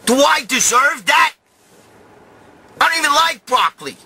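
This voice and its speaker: A man with a high, lively voice that swoops up and down as he rants to camera. His tone is bright and sharp, and he keeps breaking into shouts between curses. It plays as a crude, comic tirade. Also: moderate pace, pauses often, a little hiss or hum. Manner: loud, swearing, bursts of shouting. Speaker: host. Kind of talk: profane comic rant to camera.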